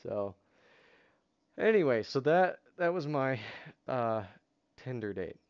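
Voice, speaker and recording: A man's voice: medium pitch, big pitch swings, takes it slowly, clean tone, lo-fi sound. A man hosting a podcast, telling a long story in casual chat, with lots of fillers and swearing. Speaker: podcast host. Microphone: headset over online voice chat.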